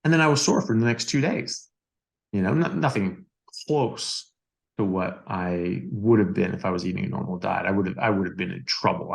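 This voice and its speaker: A deep-voiced man with a gravelly edge tells a story on a podcast. He talks casually as a doctor guest, circling back with fillers and doubled words. His delivery stays animated and loose.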